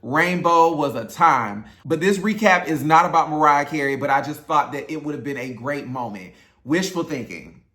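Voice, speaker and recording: A man's voice: a little high, normal speed, pushed and bright. A man hosting his own channel, giving a casual, opinionated recap of an awards show and talking straight to his viewers. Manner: chatty and opinionated, addresses viewers directly. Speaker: YouTube host, singer.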